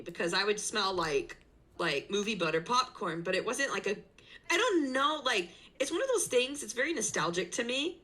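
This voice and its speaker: A woman's voice: medium pitch, expressive, normal speed, sharp tone, poor audio. A woman talking casually about her zookeeping work on a stream, chatty with plenty of fillers, over a video call. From not from the city she lives in. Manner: chatty, lots of fillers and likes. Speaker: zookeeper guest.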